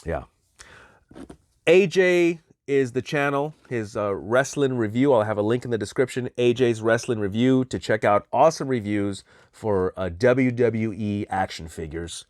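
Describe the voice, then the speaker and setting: A man chatting excitedly as he unboxes a package of collectible toys, exclaiming at each find. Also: medium pitch, unhurried, no room sound, studio quality. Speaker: toy collector vlogger. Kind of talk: casual unboxing chat.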